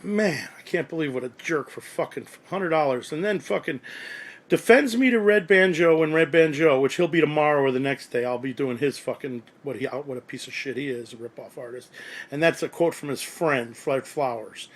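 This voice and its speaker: Profane ranting man, slightly high voice. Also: normal speed. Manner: profane, rambling, aggrieved. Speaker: radio collector ranting to forum. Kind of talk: angry monologue.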